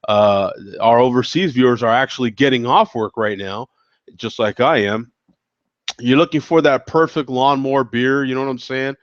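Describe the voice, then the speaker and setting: A man's voice: medium pitch, normal speed, no room sound. Laid-back man with a slightly congested voice. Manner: laid-back, rambling, peppered with "you know what I'm saying". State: slightly congested from a summer cold. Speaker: host of a live beer-tasting show. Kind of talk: casual beer review chat. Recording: dull lo-fi dry sound.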